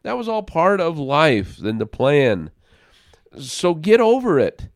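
In a casual faith discussion, a man earnestly tells a personal story, often repeating words as he begins a sentence. His fairly high voice swings widely in pitch at a slow pace, in a dry, clean studio recording.

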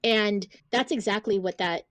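A woman's voice: medium pitch, moderate pace, no room sound. Blunt, indignant woman on a dry mic. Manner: blunt and indignant, swears freely; reads book excerpts aloud. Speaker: podcast co-host. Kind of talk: casual chat.

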